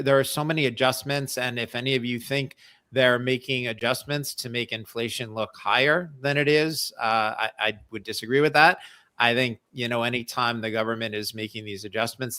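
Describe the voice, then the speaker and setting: A man's voice: medium pitch, fairly even intonation, moderate pace, pushed and bright. A man on a live panel giving blunt, emphatic commentary, hammering his points home by repeating them. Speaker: panel guest.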